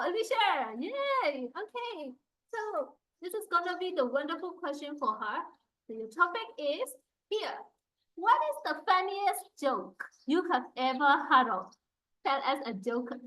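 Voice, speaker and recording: A woman hosts a speaking club and calls on speakers in a cheerful, halting manner. Her voice is high. A faint noise sits behind it. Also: sharp tone, poor audio. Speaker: meeting host.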